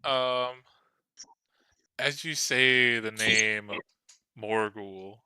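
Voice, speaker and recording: Slow, crisp male game master. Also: fairly low pitch, bright, forceful tone, no room sound. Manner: halting, with many fillers and restarts. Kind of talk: narrating a tabletop game.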